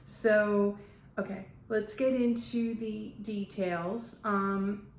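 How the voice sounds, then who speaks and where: Slow, rambling woman medium in her fifties. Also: medium pitch, fairly even intonation. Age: 50s. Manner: rambling, laughs often, slow and halting with many fillers. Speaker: spiritual medium. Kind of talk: casual channeling monologue. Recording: echoey room with faint background noise.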